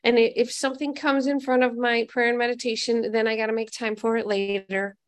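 A woman with a slightly higher voice shares her own recovery story. She talks candidly and pokes fun at herself, now and then turning to ask her listeners questions. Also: level tone, brisk. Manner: candid and self-mocking; conversational, asks the audience questions. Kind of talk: personal recovery testimony.

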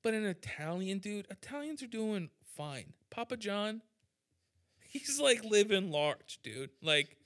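A man's voice: sits high, very animated, slow, fairly bright tone. A young man hosting a podcast, ranting irreverently in casual chat, full of "like" and "dude". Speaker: podcast host, musician.

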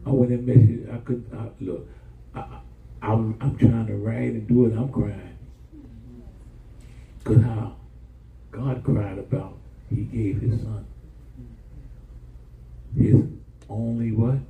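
A man preaching with fervor, his voice very dark and mellow. He calls out to the congregation for answers. The sound comes from far off in an echoey church hall with faint hiss. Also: lowish voice, flat delivery, slow pace, gravelly, long pauses. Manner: impassioned, call-and-response preaching. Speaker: pastor. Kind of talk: sermon.

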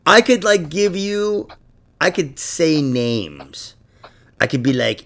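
A man hosting a podcast in casual chat, profane and animated, laughing through his asides. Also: on the high side, takes it slowly. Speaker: podcast host.

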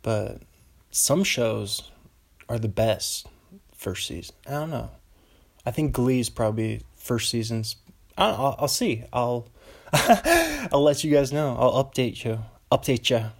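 A man's voice: medium pitch, very animated, measured pace, vocal fry, slightly rough. A young man from Western Washington chatting alone in a meandering way, breaking off into tangents and giggly asides. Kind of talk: rambling solo casual chat.

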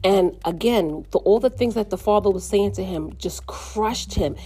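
A middle-aged woman and mother speaking earnestly in a reflective personal monologue, slowing down when things get painful. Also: mid-range voice, mellow. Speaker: mother sharing her story.

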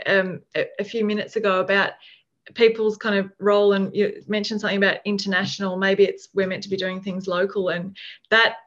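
A woman's voice: mid-range voice, level tone, a little fast, a bit bright. A woman musing in a casual conversation, thinking aloud with lots of fillers and restarts. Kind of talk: reflective casual chat. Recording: dull lo-fi recording.

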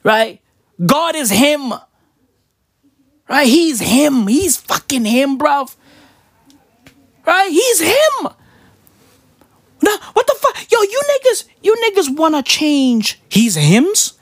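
Animated woman in a profane comedic rant. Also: no echo. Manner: profane, animated, rapid rhetorical questions; swings between low mutters and high squeals.

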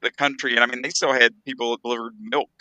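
A man's voice: medium pitch, level tone, fast, pushed and bright, dry recording. An American man co-hosting a casual podcast chat, rambling with hesitant restarts and dry jokes. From United States. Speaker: podcast co-host.

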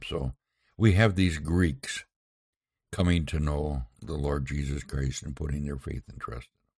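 A man hosting a podcast Bible lesson, explaining scripture in a folksy, halting way with many pauses. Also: rumbling low, a little mellow, dry recording, studio quality.

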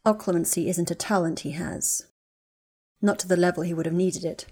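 A cold, guarded young wizard from a storybook , read by a woman in a slightly low voice. He speaks in clipped, terse lines with a bitter edge. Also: steady tone, moderate pace, mellow.

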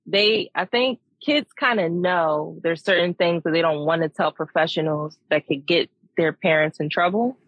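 Low-voiced woman explaining her work. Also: no echo, highs cut off. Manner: explanatory, measured. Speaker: behavior analyst guest. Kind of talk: casual interview chat.

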